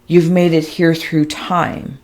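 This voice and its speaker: A woman giving a slow, halting spiritual reading, describing visions in a soft, emotional, dreamy way. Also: low-pitched, little pitch movement. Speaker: intuitive reader.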